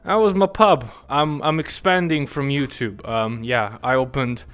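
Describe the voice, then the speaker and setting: A man's voice: medium pitch, unhurried, fairly bright tone, clear, resonant tone. A man playing a bar-serving game and chatting casually, exclaiming, swearing and putting on a mock-polite tone for customers. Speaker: gaming YouTuber. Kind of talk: casual gameplay commentary.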